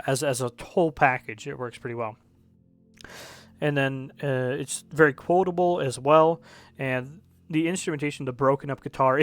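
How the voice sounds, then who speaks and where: A man's voice: medium pitch, no room sound. A young man casually reviewing music, rambling and correcting himself, frank and a bit profane.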